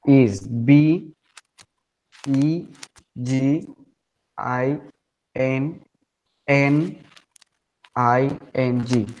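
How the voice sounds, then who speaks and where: A male student with a Colombian accent, speaking very slowly. He hesitates often and fills gaps with ums while he searches for words. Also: medium pitch, a little mellow, dull audio. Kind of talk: classroom answers.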